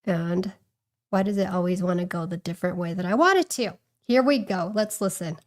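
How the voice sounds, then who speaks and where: A woman's voice: on the low side, a little fast. A woman hosting a casual livestream, chatting and thinking aloud with lots of fillers and restarts. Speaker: livestream host.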